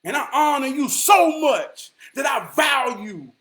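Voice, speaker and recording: High-pitched male vlogger, emphatic street-talk motivator who drops from shouting to near-whisper. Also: animated, unhurried. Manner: emphatic and preachy, swinging from shouts to hushed tones; repeats lines for emphasis, street slang.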